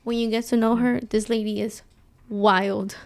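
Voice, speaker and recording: Chatty woman with a gravelly edge. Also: a little high, moderate pace. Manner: animated storyteller acting out quoted voices. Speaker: podcast co-host. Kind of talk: casual chat.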